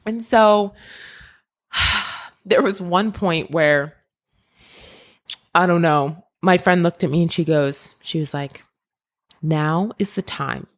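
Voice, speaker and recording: A woman hosts a solo podcast, telling her story in a fairly low voice. She is animated and often laughs, and her pitch leaps up for emphasis. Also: slow, pauses often. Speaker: podcast host and creativity mentor.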